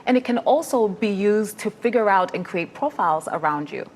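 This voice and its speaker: A woman cybersecurity expert explaining safety tips in a measured way during a live interview. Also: mid-range voice, lively intonation, darkish tone, slight background noise.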